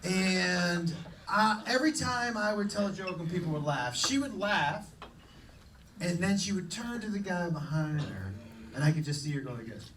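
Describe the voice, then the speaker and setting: A man doing live stand-up on a comedy club stage, telling a story in an animated, profane way. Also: sits high, normal speed, far from the mic, background noise. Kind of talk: live stand-up crowd work.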